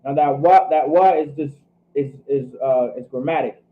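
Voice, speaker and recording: A man's voice: a little high, moderate pace. A man teaching a Hebrew scripture class who thinks aloud, double-checks himself and keeps saying "all right". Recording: tinny phone-like line.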